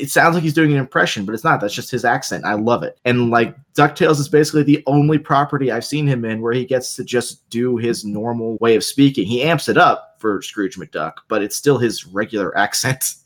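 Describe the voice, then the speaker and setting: A man co-hosting a pop-culture podcast in casual chat, animated and full of restarts, fond of adding caveats. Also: mid-range voice. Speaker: podcast co-host.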